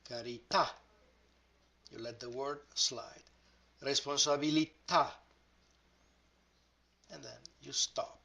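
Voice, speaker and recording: Slow, bright-voiced male language teacher. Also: mid-range voice, steady tone, creaky. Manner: slow, deliberate, stretches example words. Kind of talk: grammar lesson.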